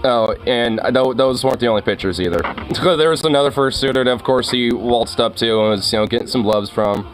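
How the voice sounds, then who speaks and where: A man's voice: medium pitch, fairly quick, soft background music. A young man chatting casually with his viewers, rambling, laughing often and swearing freely. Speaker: streamer.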